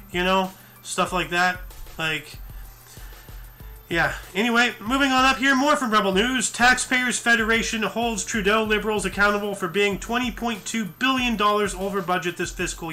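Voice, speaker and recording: A tired man hosts a casual news commentary show, reading articles aloud and rambling between them with fillers and self-corrections. His voice sits high for a man and sounds strikingly bright and sharp. Music plays faintly underneath.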